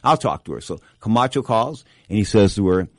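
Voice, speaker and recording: Middle-aged guy hosting a boxing show, kinda low voice, rambling stories, dry close mic. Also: a little fast, dry recording. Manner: rambling, with frequent restarts and asides; animated, jumping up in pitch for emphasis. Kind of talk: casual anecdotal storytelling.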